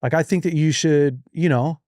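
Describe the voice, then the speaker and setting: A man's voice: fairly high pitch, moderate pace, no room sound, studio quality. A man in his forties, host of a podcast, telling a long family story in casual chat and acting out the people he quotes. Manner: animated, acts out quoted voices.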